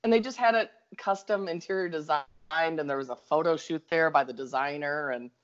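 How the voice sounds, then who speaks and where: A woman with a Minnesota accent telling a story in a casual chat, animated and quick to laugh. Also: sits low. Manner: animated, laughs often, talks in bursts. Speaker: guest storyteller. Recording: slightly dull lo-fi audio.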